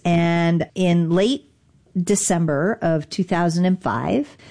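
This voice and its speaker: Low-voiced woman telling a story. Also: darkish tone. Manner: candid, wry, self-deprecating. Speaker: interview guest, digital rights advocate. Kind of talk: conversational storytelling.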